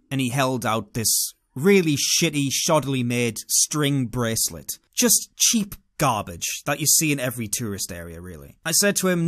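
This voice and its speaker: A man with a British accent tells a personal story in a casual monologue, speaking with animated, sardonic delivery. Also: mid-range voice, moderate pace. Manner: animated, sardonic, dramatic inner-voice asides. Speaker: vlogger.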